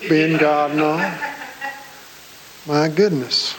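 A man's voice: a little high, little pitch movement, slow, noisy background. A man preaching a sermon in church, folksy and joking with his congregation. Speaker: pastor.

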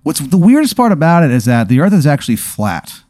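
A man spins an improvised story in a loose, rambling way, full of pauses and fillers. His voice is mellow and relaxed. The recording is dry and close. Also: a little high, dry recording. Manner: laid-back, rambling with fillers. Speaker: storyteller posing a hypothetical.

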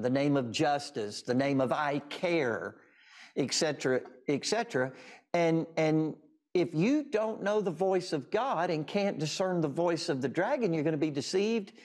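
A man's voice: a little high, darkish tone. An American man hosting a call-in show, preaching in an impassioned, emphatic way, repeating his phrases for effect. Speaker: host.

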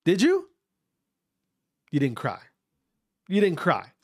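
Slow, animated, blunt ranting voice. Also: mid-range voice, husky. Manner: emphatic, repeats rhetorical questions; blunt, swears for emphasis. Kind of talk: opinion rant to camera.

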